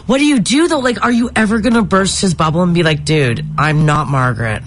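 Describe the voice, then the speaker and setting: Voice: mid-range voice, big pitch swings, fast talker, slight background noise. A radio co-host chatting on air and reading listener stories aloud. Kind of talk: call-in radio banter.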